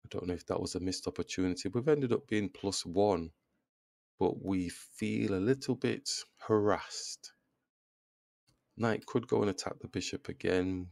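A man's voice: low-pitched, vocal fry, a little mellow, no room sound. A man giving casual chess commentary, thinking aloud move by move and groaning at his own mistakes. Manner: self-deprecating, groans at his own blunders. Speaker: chess video creator.

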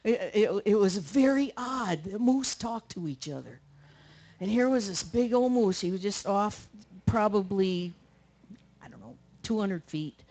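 A woman's voice: mid-range voice, animated, a little slow, a little mellow. A woman speaking at a camp meeting, telling a rambling, colloquial story to a live audience. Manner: chatty, rambling, colloquial with many restarts.

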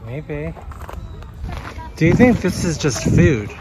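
A man's voice: on the high side, animated, slow pace. A man chatting with a friend on a walk outdoors, mostly giving short, dry replies. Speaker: travel vlogger. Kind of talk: casual chat on a walk. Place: outdoors, on vineyard paths. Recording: outdoor noise behind the voice.

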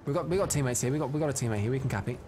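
A man giving live commentary over his own gameplay, excitable and prone to loud frustrated outbursts, chatting with his viewers between rounds. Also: mid-range voice, racing, slight background noise. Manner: chats to viewers and reads out their comments. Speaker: live streamer.

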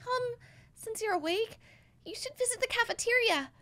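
A woman doing a sweet, soft little girl. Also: very high voice, expressive, moderate pace, pitched above the performer's own voice, exaggerated voice.

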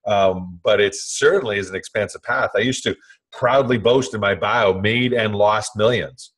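A man's voice: lowish voice, normal speed, a bit bright, husky. A man co-hosting a podcast, talking enthusiastically and rambling, laughing often. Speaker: podcast co-host. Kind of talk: casual podcast conversation.

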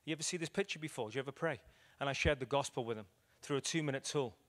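Racing along at medium pitch, a man from Liverpool, England preaches to a room. He's an evangelist giving a storytelling sermon in a church meeting room with an audience, acting out the lines of his stories with animation.

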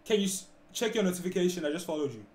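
A man from South Africa livestreaming prank chats with strangers, teasing them with deadpan, playful banter. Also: high-pitched, very fast. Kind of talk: prank chat with strangers on video call. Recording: echoey room with faint background noise.

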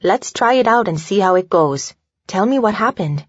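A woman's voice: medium pitch, animated, moderate pace, no room sound, natural voice. A woman narrator voicing a playful, affectionate young woman in an audiobook, with a light teasing delivery. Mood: caring. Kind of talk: audiobook dialogue. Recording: dull lo-fi dry recording.

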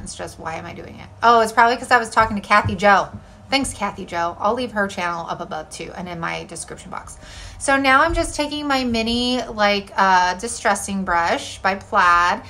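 A woman's voice: mid-range voice, pushed and bright. Bubbly woman chatting thru her diy decor project, lots of likes and ums, casual voice-over. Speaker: DIY home decor creator. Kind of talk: casual crafting voice-over tutorial.

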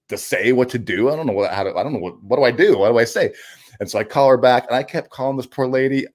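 A man being interviewed as a guest, telling a personal story candidly, halting often with restarts and casual swearing. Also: mid-range voice, a little mellow.

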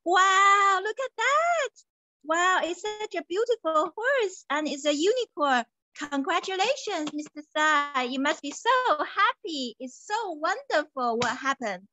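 A woman's voice: high-pitched, animated, a little slow, few pauses, sharp tone, slight background noise, full character voice. A woman voicing sympathetic village neighbours in a children's puppet story, talking in an exaggerated, cooing way. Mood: amazed.

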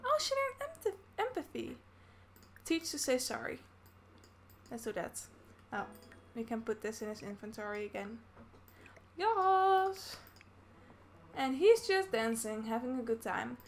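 Here a Dutch gaming YouTuber talks her way through a life-sim game, offering relaxed Let's Play commentary on every move. She has a fairly high, slightly mellow voice and speaks at a normal pace over a little hiss or hum.

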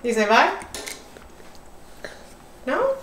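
A woman's voice: high voice, sing-song, very slow, distant mic. A woman, a mother, chatting casually and coaxing her small children at the table at home. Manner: sing-song coaxing toward small children. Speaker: mother feeding toddlers. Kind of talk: casual family chat. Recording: echoey room with background noise.

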